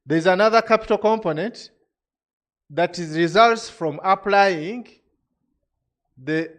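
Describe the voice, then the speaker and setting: Man, slightly high voice, technical briefing, step-by-step, frequent restarts. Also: takes it slowly. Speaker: regulator presenter. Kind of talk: technical presentation to industry.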